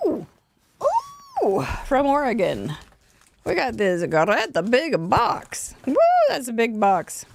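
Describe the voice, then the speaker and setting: Chatty woman host, slightly high voice. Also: sing-song, slow pace, creaky, slight background noise. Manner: chatty, gushing, frequent laughs. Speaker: crafting show host. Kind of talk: casual chat over a card slideshow. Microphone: desk microphone.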